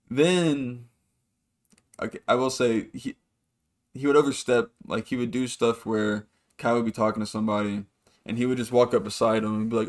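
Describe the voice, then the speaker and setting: Man, podcast host, casual rambling story, mid-pitched voice, loose and profane. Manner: rambling, swears freely, acts out quoted people.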